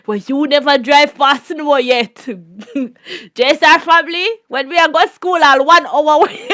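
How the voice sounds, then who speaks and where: A woman's voice: sits high, measured pace, sharp tone. A woman with a Jamaican accent hosting a casual storytime vlog, laughing often and repeating catchphrases in patois. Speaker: YouTube host.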